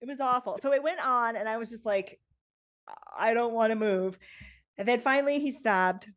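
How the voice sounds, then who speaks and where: A middle-aged woman telling a story in casual chat, animated, laughing often and swearing freely. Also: fairly high pitch, brisk. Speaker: guest telling a travel story.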